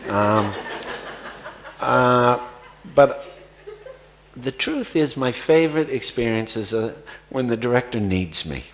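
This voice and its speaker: A man with a mid-range, expressive voice speaks slowly while answering audience questions on acting at a festival Q&A. His answers are rambling, with lots of fillers and restarts.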